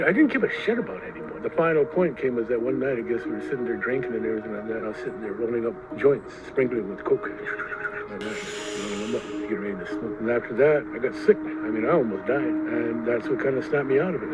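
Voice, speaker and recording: A man's voice: mid-range voice, quick pace, loud music behind the voice. A middle-aged man from Arizona telling his life story in an interview, plain and earnest, often repeating phrases. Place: outdoors by a road. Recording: tinny, noisy outdoor recording with passing traffic.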